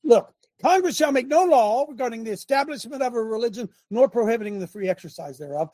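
A man hosting an online talk show, giving fiery religious and political commentary in an excitable, rambling way with shouted asides. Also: extremely high pitch, fast, few pauses, no echo.

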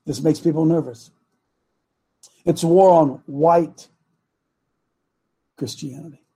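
A male talk show host preaches into a studio microphone with a rather high, husky voice that is steady and warm. He is emphatic, repeating key lines and stretching them out slowly to give them weight.

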